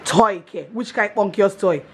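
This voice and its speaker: A woman's voice: medium pitch, a little fast, breathy edge. A woman, chatting casually to her vlog audience, gushing and laughing often. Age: 30s. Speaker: vlogger.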